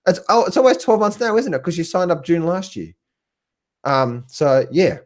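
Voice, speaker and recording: Excitable Australian man coaching on a live stream. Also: high voice, normal speed. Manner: excitable, repetitive, laughs often, chats with viewers by name. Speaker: trading coach. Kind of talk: live stream talk answering viewers in chat.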